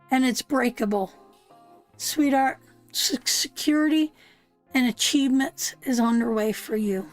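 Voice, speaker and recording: High-voiced woman giving an earnest tarot reading. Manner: soothing, repeats "sweetheart" often, emphatic and earnest; blunt, swears now and then. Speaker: tarot reader.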